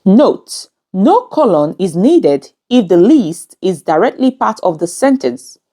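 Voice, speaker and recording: Slow, lively-voiced woman teaching grammar. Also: medium pitch. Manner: measured, instructive, reads examples aloud. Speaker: English teacher. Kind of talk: scripted grammar lesson narration.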